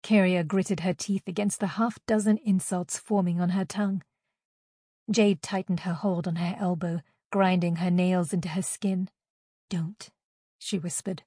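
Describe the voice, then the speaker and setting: A woman narrating a novel as an audiobook in a steady, even reading voice. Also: lowish voice, normal speed, no room sound, clean studio sound.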